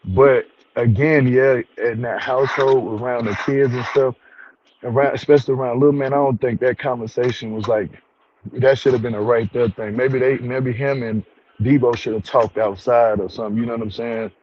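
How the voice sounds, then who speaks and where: A man hosting a relaxed review chat, slangy and easygoing, with a mid-range voice. He chuckles often as he talks. The recording sounds a little dull, with faint noise behind. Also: mid-range voice, normal speed. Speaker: show review host. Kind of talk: casual chat.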